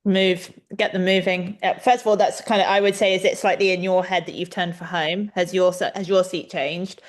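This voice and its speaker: A young adult woman co-hosting a webinar, coaching riders in a chatty, animated way over a video call. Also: lowish voice, normal speed. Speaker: riding coach and webinar co-host. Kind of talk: casual instructional chat.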